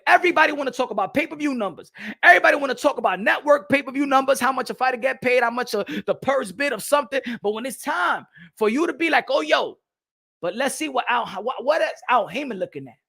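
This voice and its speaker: A high-voiced man with a gravelly, bright edge to his voice. He rants loudly and profanely as a boxing channel host, firing heated commentary straight at his viewers. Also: expressive, fast. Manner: loud, profane, heated ranting. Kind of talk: ranting livestream commentary.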